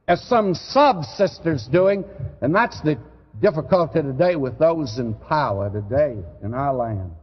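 A man preaching a sermon, earnest and conversational, with sudden loud emphasis. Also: a little high, lively intonation, measured pace, breathy edge. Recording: dull lo-fi recording with long hall reverb.

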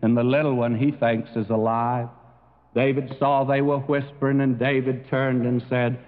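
A man preaching a sermon in a slow, earnest way that swells to emphatic peaks. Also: medium pitch, level tone. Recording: tinny narrow-band recording with long reverb.

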